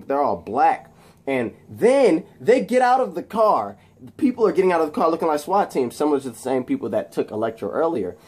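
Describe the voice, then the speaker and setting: A man casually retelling a movie fight scene, animated and shouting sound effects, with many fillers. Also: on the high side, breathy edge. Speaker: video host recapping a film.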